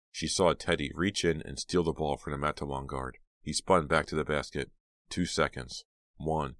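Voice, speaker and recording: A man narrating an audiobook in a measured storytelling manner on a close mic. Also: very deep voice, steady tone, fairly bright tone, no echo. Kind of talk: scripted narration.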